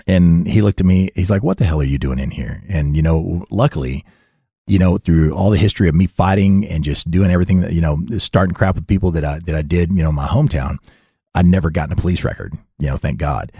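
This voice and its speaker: Middle-aged man, dark husky tone, dry close sound; candid rambling storyteller. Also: low voice, fast talker, no echo. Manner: rambling and candid, with frequent laughs. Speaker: podcast guest telling his life story. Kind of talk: casual storytelling.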